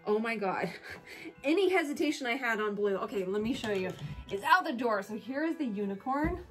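Gushing, excitable woman with a higher voice. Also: normal speed, faint music behind. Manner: gushing and excitable, squealing over items; chatty with self-corrections and asides. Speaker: home and collectibles vlogger. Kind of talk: casual product haul chat.

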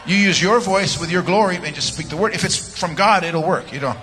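A man's voice: sits high, a little fast, hardly any pauses, a bit bright. A man preaching as a guest speaker in a church, telling stories in a playful, rambling way and laughing at his own jokes. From United States. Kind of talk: joking sermon with personal stories. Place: large church sanctuary. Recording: long church-hall reverb with music.

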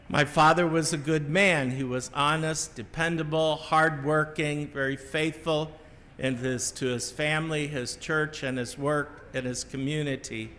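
Middle-aged Midwestern priest, homily delivery, unhurried and reflective, fairly high voice, long church echo. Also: male voice, a bit bright. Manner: measured, reflective storytelling with small restarts. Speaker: Catholic priest giving a homily. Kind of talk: sermon.

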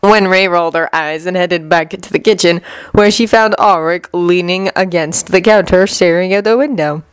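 A woman's voice: on the low side, moderate pace, clean tone, no echo, poor audio. Woman narrating a fanfiction in a dry voice. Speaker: fanfiction reader. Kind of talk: storytelling narration.

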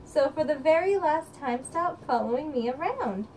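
A woman voicing a grumpy little male penguin who wants to be left alone, drawn out slowly like a storybook read aloud. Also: high voice, animated, darkish tone, a little hiss or hum, pitched above the performer's own voice. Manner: slow, exaggerated storybook delivery. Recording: distant home camera mic.

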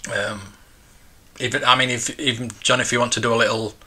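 A man's voice: mid-range voice, fairly even intonation, fairly quick, sharp tone. A man in his forties, hosting a casual live stream and chatting in a rambling, nostalgic way. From United Kingdom. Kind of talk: casual live-stream chat, reading viewer comments.

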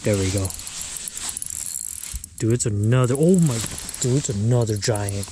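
A man hosting a fishing vlog outdoors, talking casually to viewers and getting excitable and exclamatory over his catches. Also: lowish voice, measured pace, background noise. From US Midwest. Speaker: fishing vlogger. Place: outdoors on the ice.

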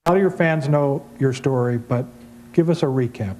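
A man's voice: medium pitch, moderate pace, mellow. A man hosting an interview, asking probing, conversational questions.

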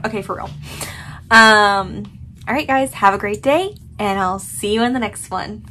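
Woman, sleepy, yawning, over-dramatic, casual swearing, bright voice, slow delivery. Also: mid-range voice, a little hiss or hum. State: yawning, sleepy despite coffee. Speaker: plant vlogger. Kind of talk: excited unboxing vlog.

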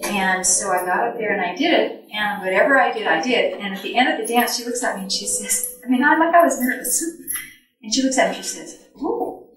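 A woman telling stories to an audience in an animated way, acting out her own past thoughts and often laughing. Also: mid-range voice, fast, faint music behind. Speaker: speaker sharing recollections. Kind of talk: storytelling talk to an audience. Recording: echoey hall from far off.

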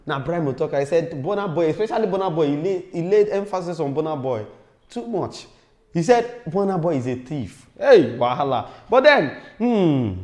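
A man with a Nigerian accent hosting a casual celebrity gossip show, animated and slipping into Pidgin asides. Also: fairly high pitch, reverberant. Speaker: host.

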